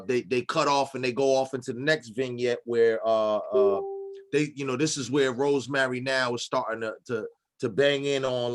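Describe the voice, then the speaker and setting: A man hosting a casual panel discussion, rambling with many fillers and restarts. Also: mid-range voice. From Boston. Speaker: discussion host.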